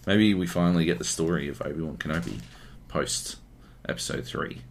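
A man's voice: very deep voice, a little fast, gravelly, slight background noise. An Australian man from Queensland co-hosting a podcast in casual chat, often swearing and ranting. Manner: swears a lot, animated ranting. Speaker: podcast co-host.

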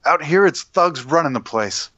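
An Australian man voicing a worried mercenary father in an amateur table-read, reading in a flat, unpolished way. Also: on the high side, moderate pace, no room sound, dull audio. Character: worried adult male mercenary, anxious father.

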